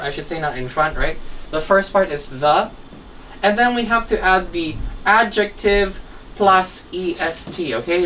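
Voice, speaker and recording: Woman teacher spelling out words slowly. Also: on the low side, fairly bright tone. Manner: patient, spells words out letter by letter, ends lines with "okay?" and "right?". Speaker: English teacher. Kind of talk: classroom grammar lesson. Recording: distant mic, faint room noise.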